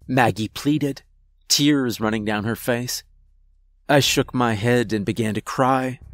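A man reads a first-person horror story in a measured, somber manner. He takes his time over each line at a middle pitch. The sound is close and completely dry. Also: dry recording. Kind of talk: scripted horror narration.

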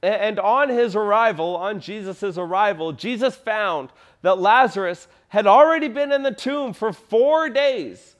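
A man's voice: sits high, unhurried, hardly any pauses, dull audio. A man preaching a sermon to his congregation, retelling a story with acted-out quotes and repeating key lines for emphasis. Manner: addresses the congregation directly. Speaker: pastor.

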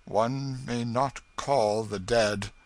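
A man voicing a solemn, sorrowful nobleman who speaks slowly and heavily in archaic English. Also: medium pitch, steady tone. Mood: grave. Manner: slow, heavy, solemn delivery. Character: grave, sorrowful younger brother, nobleman.

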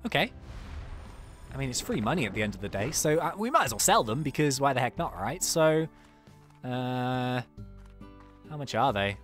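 A let's-play host chatting excitedly through gameplay, laughing often and reacting out loud. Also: medium pitch, moderate pace, pauses often, faint music behind. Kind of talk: casual gameplay commentary.

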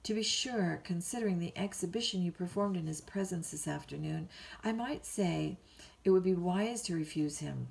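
A woman's voice: on the low side, normal speed, vocal fry, a little mellow. A woman reading a bedtime story, voicing a blunt middle-aged housekeeper who answers in a dry, scolding way. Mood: tart.

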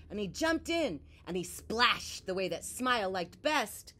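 Woman, children's storyteller, slow, lively reading voice, soft asides. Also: fairly low pitch. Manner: animated, slow and expressive, drops to soft whispers. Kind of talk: read-aloud storytelling for children.

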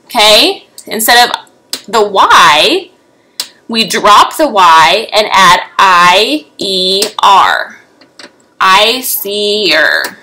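A woman's voice: medium pitch, bright, forceful tone, a little hiss or hum, poor audio. A young adult woman teacher giving a remote lesson to young children, patient, with frequent rising "okay?" checks.

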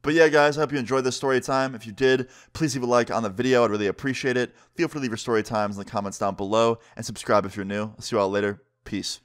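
A man telling a casual story-time vlog in an animated, slangy way, swearing freely. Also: mid-range voice, fast talker, hardly any pauses. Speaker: storyteller vlogger.

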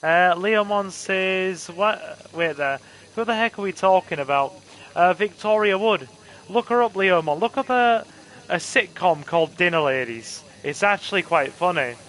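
A man hosts a casual gaming stream from home, teasing his co-host and reading chat aloud. His voice sits a little high and has a wry, playful edge. There is faint background hiss. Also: expressive, measured pace, fairly bright tone, rough recording. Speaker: channel host.

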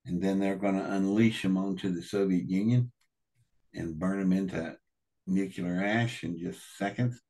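Deep husky older man telling a story. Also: moderate pace. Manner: animated, acts out quoted dialogue, swears. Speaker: interview guest. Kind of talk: emotional first-person storytelling.

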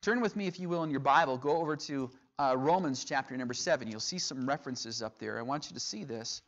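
A man's voice: medium pitch, fast, a bit bright. A man teaching a sermon, reading scripture aloud and explaining it verse by verse. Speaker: preacher. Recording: dull lo-fi sound.

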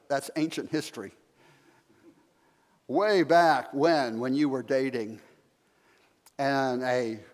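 A male pastor preaching a sermon, telling a story and asking the congregation questions. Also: mid-range voice. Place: church sanctuary. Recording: long reverb of a sanctuary.

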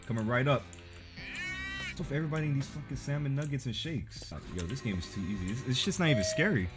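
A man's voice: mid-range voice, expressive, rapid-fire. A young man streaming a horror game, giving a profane, jumpy, joking running commentary. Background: game music.

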